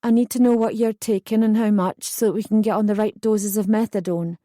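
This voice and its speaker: A woman's voice: medium pitch, fairly even intonation, brisk, warm tone, no echo, clean studio sound, natural voice. A woman reading an audiobook, voicing a frank, firm female drug counsellor who speaks in a businesslike way.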